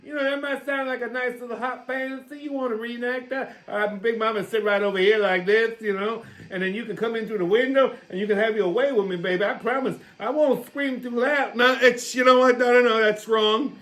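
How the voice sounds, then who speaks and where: A man voicing a loud, bawdy older woman in a comedy sketch, squealing in a shrill falsetto and swearing. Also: fairly even intonation, fairly quick, few pauses. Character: brassy loud older Black-American-style woman, bawdy.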